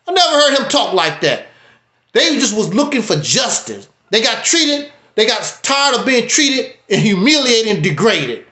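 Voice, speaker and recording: A man hosting a livestream, talking in a casual, preachy, emphatic way with wide swings in pitch. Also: big pitch swings, moderate pace, pushed and bright, reverberant. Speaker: livestream host. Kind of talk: casual commentary.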